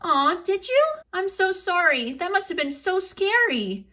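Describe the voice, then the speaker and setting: A woman doing a soothing, gentle mom. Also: extremely high pitch, big pitch swings, measured pace, pitched above the performer's own voice, exaggerated voice. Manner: soft, soothing, comforting. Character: warm, soothing mother figure.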